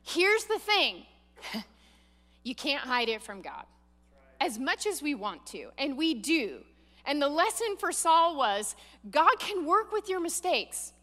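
A woman preaching a sermon, earnest and animated, acting out the quoted lines. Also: sits high, takes it slowly, big-room sound. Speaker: pastor.

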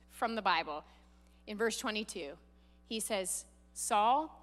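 A woman preaching a sermon, earnest and animated, acting out the quoted lines. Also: high voice, long reverb tail. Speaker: pastor.

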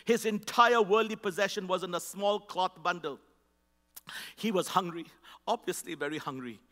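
A man's voice: high-pitched, moderate pace, sharp tone. A man from India telling his life story as a church testimony, emphatic and rousing, speaking as a charity's vice president. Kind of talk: personal testimony in a church talk. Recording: echoey hall.

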